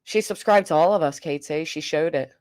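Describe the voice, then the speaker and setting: A woman's voice: low voice, a little fast, a little mellow. A woman, hosting a casual livestream, reading comments and joking bluntly with swearing. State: coughing. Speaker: livestream host.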